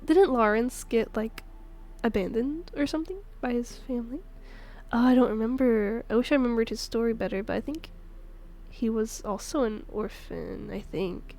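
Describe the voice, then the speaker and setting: A woman's voice: on the high side, moderate pace, mellow. A woman streamer commenting on a story game, musing in uncertain asides.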